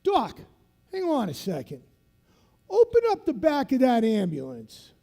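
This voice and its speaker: A loud, gruff drill instructor with a thick South Boston accent barks orders as if through a megaphone, as a keynote speaker puts him on. The voice jumps high and pushes hard, with every command clipped and forceful. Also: male voice, huge pitch swings, measured pace, soft background music, heavily acted. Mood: barking. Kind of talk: storytelling impression in a keynote.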